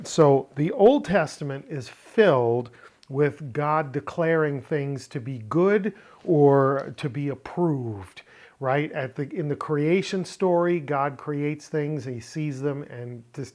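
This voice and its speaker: A man teaching a recorded lesson with slides, explaining step by step in a deliberate way. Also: a little high, darkish tone. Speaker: Greek teacher.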